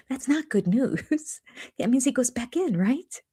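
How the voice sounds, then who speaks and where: A woman's voice: sits high, animated, takes it slowly, dark tone, husky. An older woman hosting a live chat from her home, rambling and jumping between topics. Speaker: channel host. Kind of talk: live chat reviewing a reality show. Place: home room.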